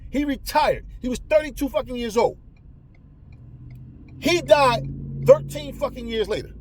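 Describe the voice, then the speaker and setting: A man's voice: extremely high pitch, unhurried, darkish tone, slight background noise. A man delivering a heated, profane rant about boxing to his viewers, often stumbling and repeating words. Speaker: boxing commentator. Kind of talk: ranting monologue to viewers.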